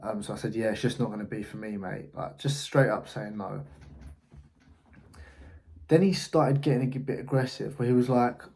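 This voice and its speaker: A man's voice: on the low side, moderate pace, gravelly, pauses often, darkish tone. A man, an agency owner telling a story in a casual vlog, blunt and swearing freely. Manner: blunt, swears freely, recounts a frustrating call.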